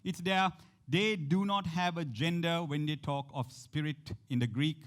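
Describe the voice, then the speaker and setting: A man's voice: a little high, unhurried, a bit bright. A man preaching a sermon, talking straight to his listeners with frequent questions and acting out the quotes in shifting voices. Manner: speaks to the congregation directly, with frequent questions. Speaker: pastor.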